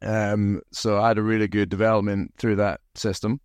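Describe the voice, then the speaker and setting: A man's voice: fairly low pitch, level tone, normal speed, smooth, no room sound, studio quality. A man from Aberdeen with a Scottish accent, telling easygoing, self-deprecating stories as a podcast guest. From Aberdeen, Scotland. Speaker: podcast guest, rugby team captain. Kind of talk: casual interview storytelling.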